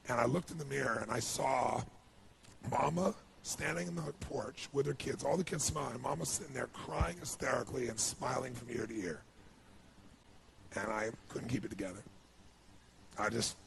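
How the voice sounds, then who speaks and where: A man's voice: mid-range voice, creaky, background noise. A man giving an earnest, emotional storytelling speech as a motivational speaker, with lots of "you know.".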